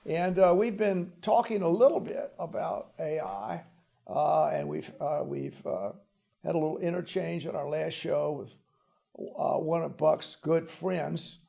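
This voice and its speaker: An older man hosts a relaxed interview, a little high for a man, with a gravelly edge. His tone is dark and mellow. He stops and restarts often and fills the gaps with "uh.". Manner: halting, many "uh" fillers and restarts. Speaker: host. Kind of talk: casual interview chat.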